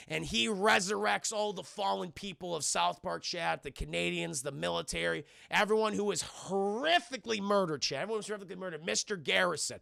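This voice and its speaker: A man recaps a film scene by scene for his live chat, swearing freely and calling out to viewers. His voice is high and very gravelly, with a bright edge. The sound is dry and close. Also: fairly quick, hardly any pauses, no echo. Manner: keeps addressing his chat, heavy swearing. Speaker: film reviewer and livestreamer. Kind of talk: casual profane spoken film recap.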